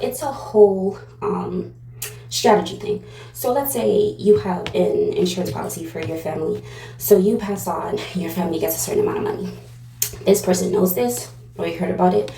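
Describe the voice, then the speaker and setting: A woman's voice: medium pitch, vocal fry, warm tone, reverberant, slight background noise, rough recording. A woman giving a casual pick-a-card tarot reading, rambling and digressive with lots of fillers. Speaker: tarot reader.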